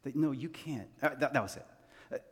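A man preaches to his church in a relaxed, conversational way, earnestly circling back to his main questions. His voice sits in a middle register. The sound carries a long hall reverb from the sanctuary. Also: medium pitch, fairly quick, husky. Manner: earnest, repeats key phrases to the congregation. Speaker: senior pastor. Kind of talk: conversational sermon.

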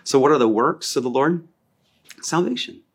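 A man preaching a sermon as a pastor, animated and repeating key phrases for emphasis. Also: medium pitch, fairly quick, husky.

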